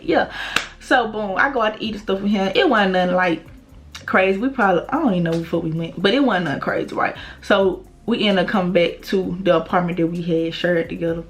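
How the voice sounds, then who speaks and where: A young woman vlogger, telling a blunt, profane story in casual storytime style. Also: mid-range voice.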